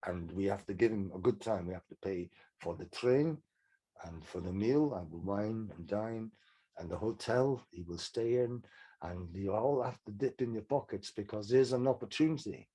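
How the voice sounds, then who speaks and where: A man imitating an older male music agent who coaxes his young band, speaking lower, slower and softer than his own voice. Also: husky, poor audio. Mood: coaxing.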